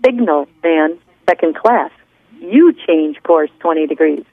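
A woman voicing a calm male signalman who will not give way. His replies are flat and matter-of-fact, and the sound is dry and phone-thin. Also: low voice, unhurried, no room sound, full character voice. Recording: tinny phone line.

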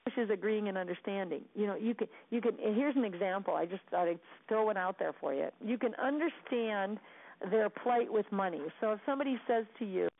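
A woman's voice: mid-range voice, fairly quick. Earnest woman coaching over a tinny line. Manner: earnest, repetitive, sincere. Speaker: sales coach. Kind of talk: motivational coaching talk. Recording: tinny phone-line sound.

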